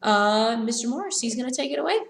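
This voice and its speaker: A woman teaching a live virtual karate class, calling out brisk commands and corrections to her students. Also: on the high side, expressive, vocal fry, slight background noise. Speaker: karate instructor. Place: karate studio, indoors. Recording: echoey room.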